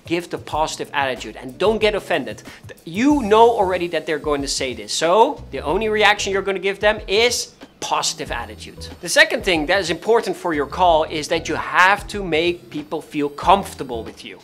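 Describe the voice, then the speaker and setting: A man's voice: on the high side, normal speed, soft background music. Emphatic man coaching on sales calls. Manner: animated and emphatic, repeats key points; acts out callers' voices. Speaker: real estate sales coach. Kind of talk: instructional talk to camera.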